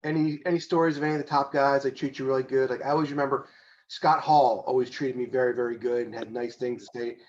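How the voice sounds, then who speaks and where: A man hosting an interview, chatty and quick to jump in with his own stories. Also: mid-range voice, fairly even intonation, a little mellow, slight background noise. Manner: quick and chatty, eager storyteller. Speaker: interview host. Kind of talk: casual interview conversation. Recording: dull lo-fi sound.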